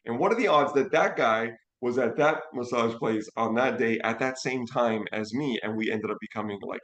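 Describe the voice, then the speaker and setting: Man, storyteller, animated, plays out his own reactions, medium pitch, roomy echo. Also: normal speed. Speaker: financial educator and co-host. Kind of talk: casual storytelling chat.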